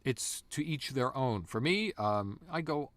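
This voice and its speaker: A man guest voice actor in a casual interview, an animated storyteller. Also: mid-range voice, measured pace, no echo.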